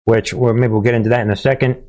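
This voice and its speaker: A man hosting his own commentary channel, talking straight to his audience in a loose monologue. His voice sits in a middle pitch, and his delivery is emphatic, full of punchy asides and repeated catchphrases. He restarts his sentences often as he goes. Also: flat delivery, fast, darkish tone. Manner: talks straight to viewers with frequent restarts. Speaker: host of a political commentary channel.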